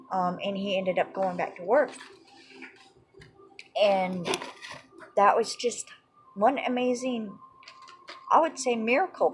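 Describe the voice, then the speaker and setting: A woman's voice: mid-range voice, slight background noise, poor audio. A woman teaching an informal Bible lesson in a rambling, conversational way, full of "you know" and "um".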